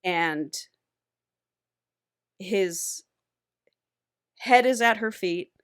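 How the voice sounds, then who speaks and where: A woman co-hosting a podcast, retelling a novel in an animated, casual way and swearing freely. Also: mid-range voice, drawn-out words, clear, resonant tone, no echo, clean studio sound. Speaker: podcast co-host. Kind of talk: casual book recap.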